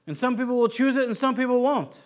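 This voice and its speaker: A man's voice: extremely high pitch, animated, fast talker. A man preaching a sermon in an informal, explanatory way, like a pastor teaching his congregation. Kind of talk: conversational sermon.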